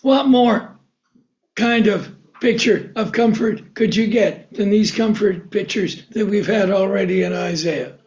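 A man's voice: sits high, measured pace, darkish tone, lo-fi sound. A male pastor preaching a sermon, posing rhetorical questions and answering them himself.

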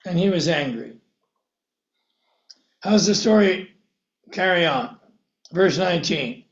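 A man preaching a sermon, reading scripture aloud and acting out biblical characters in a slow, deliberate way. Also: sits high, animated. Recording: echoey room, dull lo-fi sound.

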